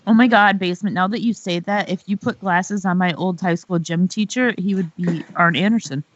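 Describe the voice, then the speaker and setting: Excitable man reacting on a lo-fi podcast. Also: sits high, brisk. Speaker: podcast co-host. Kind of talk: casual wrestling rewatch chat. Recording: dull lo-fi podcast audio.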